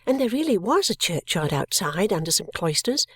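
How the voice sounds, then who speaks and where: A woman narrating a classic novel as an audiobook, with a tender, emotive reading and soft whispered touches. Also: on the low side, very animated, moderate pace, slightly rough, no room sound, studio quality.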